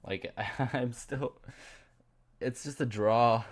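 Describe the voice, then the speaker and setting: A man casually commentating his own chess games as a voice-over, rambling with fillers, laughing at himself and jumping high in pitch when incredulous. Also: slow.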